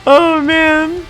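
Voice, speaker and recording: This New Jersey woman has a high-pitched, sharp voice with vocal fry and a strong local accent. A little tipsy, she chats casually on a livestream, swearing freely and laughing a lot.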